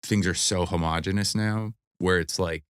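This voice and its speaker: Guest comedian; low, clean voice, dry mic, rambling anecdotes full of fillers. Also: male voice, steady tone, normal speed, smooth, dry recording. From United States. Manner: rambling, loose storytelling with many fillers. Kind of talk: casual chat.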